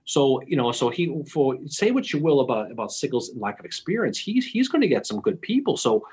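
A man co-hosting a podcast, talking through history in an animated, analytical way with many restarts. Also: mid-range voice, a little fast, slightly rough. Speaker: podcast co-host. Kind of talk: casual history discussion.

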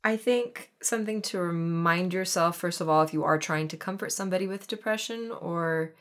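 A young woman with a fairly low voice co-hosts a casual podcast. She speaks in an earnest, reflective way. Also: normal speed. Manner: earnest, reflective, laughs easily. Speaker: podcast co-host.

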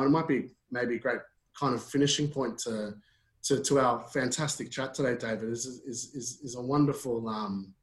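An Australian man speaking earnestly as a podcast guest, with frequent fillers and restarts. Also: medium pitch. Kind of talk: casual conversation. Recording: echoey room.

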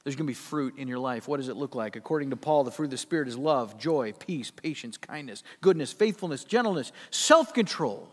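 A man preaching a sermon as pastor, swinging from loud emphatic lines to hushed, near-whispered ones. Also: mid-range voice, lively intonation, brisk, few pauses, in a large hall.

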